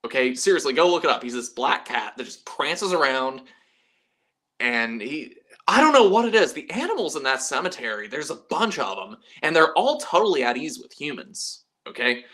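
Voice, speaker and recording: A young man hosts a loose livestream chat in a bright, forward voice of ordinary pitch. He rambles cheerfully, drops profanity freely and laughs at his own jokes. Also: very animated, moderate pace. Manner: chatty, profane, self-mocking, laughs often. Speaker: livestream host.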